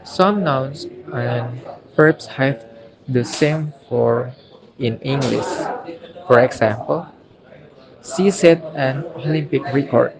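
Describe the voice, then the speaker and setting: A young Indonesian university student reads a phonology lesson aloud, carefully saying each example word two or three times. His voice is mid-range and gravelly, and the recording is rough.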